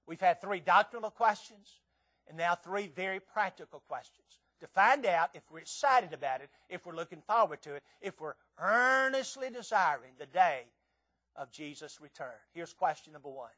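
A Southern man from Tennessee preaches in a high, bright-pitched voice. He keeps things folksy, putting plain questions straight to his listeners. His delivery moves between quiet, personal asides and loud, emphatic declarations. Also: moderate pace. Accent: Southern American. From Tennessee, southern United States. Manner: folksy, conversational, asks the audience direct questions; swings from hushed and intimate to loud and emphatic. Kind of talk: sermon.

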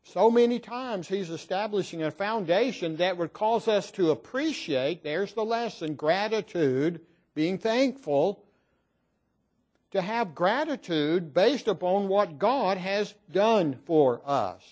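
Male preacher, high voice, slow deliberate pace, earnest and emphatic sermon delivery. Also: lively intonation, a little mellow.

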